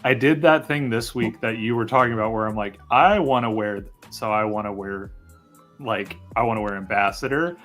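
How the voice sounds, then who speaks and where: A man with a fairly low voice chats casually as a co-host, rambling eagerly with plenty of fillers. Quiet music sits in the background. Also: normal speed. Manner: enthusiastic, rambling, frequent fillers. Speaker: co-host of a fragrance live stream. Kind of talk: casual chat.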